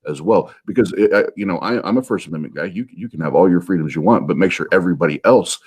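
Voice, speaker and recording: A middle-aged man in casual talk-show chat, speaking haltingly with many restarts. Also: deep voice, a little mellow, husky.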